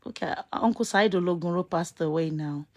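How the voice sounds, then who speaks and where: Rambling Nigerian woman with a low voice. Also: a little fast. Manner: rambling, reminiscing, trails off searching for names; grows loud and excited when a memory comes back. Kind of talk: casual monologue to viewers.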